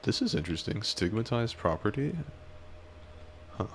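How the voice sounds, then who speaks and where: Male streamer, very low voice, teasing and crude, faint hiss behind. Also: very animated, moderate pace, gravelly. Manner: teasing, crude, mock-menacing. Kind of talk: casual stream chat reacting to clips.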